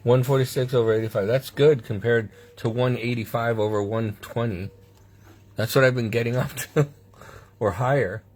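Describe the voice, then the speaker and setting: A man talking casually to his phone camera from a hospital room, rambling and halting with restarts and nervous laughs. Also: medium pitch, steady tone, a little mellow. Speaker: patient sharing his health ordeal. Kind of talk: casual vlog monologue.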